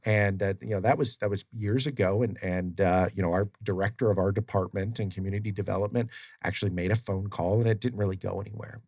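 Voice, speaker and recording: A man's voice: on the low side, fairly even intonation, quick pace, a little mellow, no room sound, clean studio sound. A man who works in tribal community development, talking casually as a guest in an interview and acting out the exchanges in the stories he tells. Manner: storytelling, acts out quoted exchanges, many fillers. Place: studio. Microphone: studio mic.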